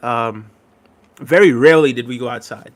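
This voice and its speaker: A man's voice: medium pitch, normal speed. Laid-back man chatting on a livestream. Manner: relaxed, rambling, laughs often. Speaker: livestream host. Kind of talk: casual chat reading viewer comments.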